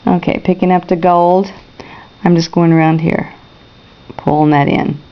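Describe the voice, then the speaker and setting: A woman's voice: fairly low pitch, steady tone, measured pace, highs cut off. A woman teaching a painting class, talking viewers through each brush stroke and checking in with them. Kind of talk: step-by-step painting demonstration.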